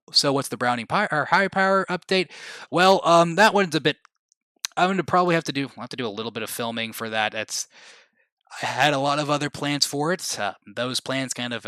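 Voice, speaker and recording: A man's voice: mid-range voice, sharp tone, no room sound. A man hosting a livestream, rambling casually, restarting sentences and laughing at his own remarks. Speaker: livestream host.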